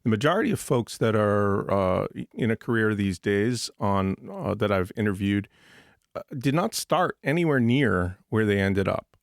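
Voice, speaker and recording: A man's voice: lowish voice, lively intonation, normal speed, no room sound, studio quality. A man hosting an interview podcast, encouraging and conversational with his guest. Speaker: podcast host. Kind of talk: casual interview talk.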